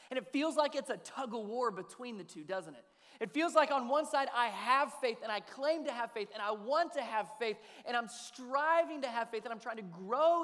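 High-voiced conversational male pastor. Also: bright, forceful tone, in a large hall. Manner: conversational, asks the audience questions. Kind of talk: sermon.

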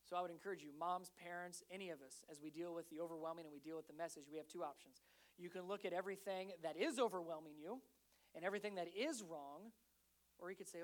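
Male preacher, thirties, animated sermon storyteller, shifts from hushed to loud. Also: sits high, fast. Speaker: pastor.

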